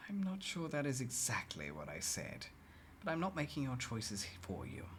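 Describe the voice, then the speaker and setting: A streamer voicing a mysterious bodiless advisor in a slow, low, hushed manner. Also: wildly swooping pitch, a little hiss or hum. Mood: calm, hushed.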